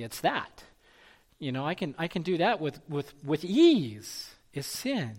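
A man preaching a sermon as pastor, repeating key phrases for emphasis and at times dropping to a hushed, near-whispered delivery. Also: a little high.

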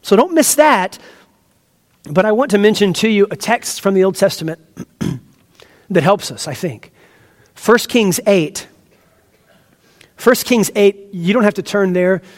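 A man's voice: sits high, expressive, measured pace, long pauses, big-room sound. A man pastor preaching an expository sermon, earnest and teacherly, with emphatic stresses and asides to the congregation.

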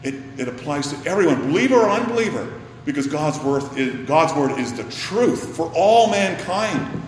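A man's voice: fairly high pitch, sing-song, normal speed, slight background noise. Preacher man in an echoey hall. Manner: dramatic swings from loud emphatic to hushed whisper. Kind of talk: sermon. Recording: echoey hall, faint ambience.

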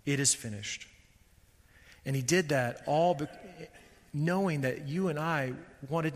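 A man preaching a sermon as pastor, speaking emphatically and building to loud, fervent peaks. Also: on the high side, animated, takes it slowly, in a large hall.

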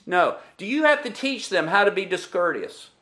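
A man's voice: high voice, sing-song, normal speed, pushed and bright. A man preaching a sermon who keeps asking the congregation questions.

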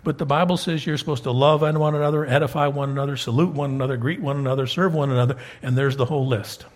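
Speaking fast in a steady, mid-range voice that's somewhat husky and breathy, a middle-aged pastor delivers a sermon in his church sanctuary. His preaching is conversational, pushing up with emphasis on the key points.

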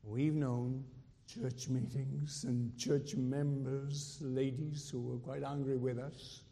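A man preaching a sermon with emphatic rises and dramatic pauses, acting out quotes. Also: medium pitch, little pitch movement, warm tone. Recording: reverberant hall.

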